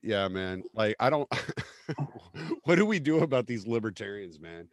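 A man's voice: fairly low pitch, big pitch swings, unhurried, no echo. A man hosting a casual podcast, ranting with constant profanity and a combative edge. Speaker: podcast host.

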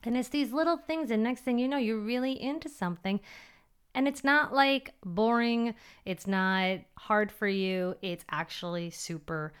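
A woman with a fairly high, smooth voice speaks at an unhurried pace. She's a personal trainer hosting her own solo podcast, chatty and upbeat, and she acts out her inner voices as she talks.

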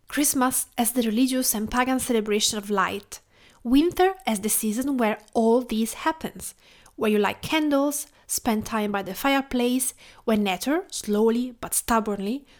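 A woman from Tuscany with an Italian accent, hosting a podcast in a gentle, lyrical, measured reading style. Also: on the high side. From Tuscany, Italy. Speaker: podcast host and food writer. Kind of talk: scripted reflective narration.

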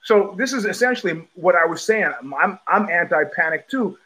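A man's voice: high voice, lively intonation, pushed and bright, rough recording. Rambling, stammering middle-aged male host. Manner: digressive, stammering restarts, profane, quick laughs. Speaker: podcast host. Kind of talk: rambling live-stream monologue. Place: home.

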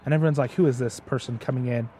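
Talking fast in a mellow, mid-range voice with fairly even intonation, this man is heard against a bit of hiss or hum. As his dad's guest, he tells a story with real passion in a relaxed chat, often stumbling as he repeats words.

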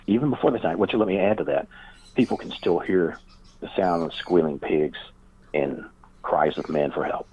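A man with a low, slightly mellow voice talks at a moderate pace. He's a guest author and paranormal researcher wandering through a story in an interview, with many fillers and acted-out quoted voices, recorded as dull lo-fi remote audio.

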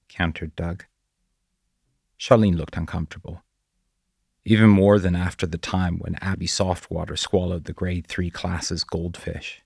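A man narrating a story in a measured, quiet way. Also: low voice, flat delivery, vocal fry, husky, no echo, clean studio sound. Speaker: audiobook narrator. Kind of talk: scripted narration.

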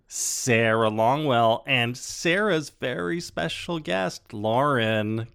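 Male podcast host, gravelly voice, jokey and rambling, fillers throughout. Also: mid-range voice, lively intonation, takes it slowly, a bit bright, faint music behind. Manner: joking, rambling with many fillers. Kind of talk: casual chat.

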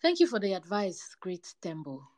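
A woman's voice: mid-range voice, big pitch swings, normal speed, darkish tone, natural voice. A woman doing a small eager dog. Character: small eager male dog seeking a friend.

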